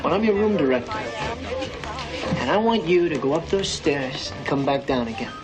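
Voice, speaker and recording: A bossy, leering club room director, played by an actor, gives orders in a slightly raised voice. He sounds used to being obeyed. Loud music plays behind him. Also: fairly high pitch, lively intonation, normal speed, lightly acted, poor audio.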